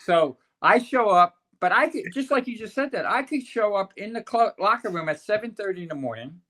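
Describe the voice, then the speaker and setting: With a high, lively voice that's a bit bright and a little fast, an older sportswriter guest tells long podcast anecdotes. He rambles, chuckles often and restarts his sentences many times.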